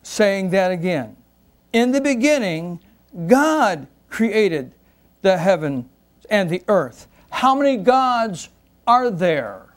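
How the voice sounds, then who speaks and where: A man preaching a sermon to a congregation, slow and emphatic, repeating key words for weight. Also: high-pitched, big pitch swings. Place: church before a congregation.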